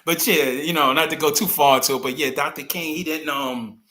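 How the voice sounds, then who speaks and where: Man, host, casual monologue, rambling, animated, bright tense tone. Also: fairly high pitch, brisk. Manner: animated, rambling, acts out quoted people. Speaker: commentary show host.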